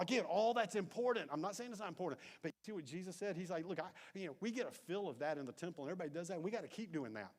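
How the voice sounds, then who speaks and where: A man preaching a conversational sermon in a church, dropping to hushed tones and rising to loud emphasis. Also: medium pitch. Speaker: pastor. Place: church sanctuary.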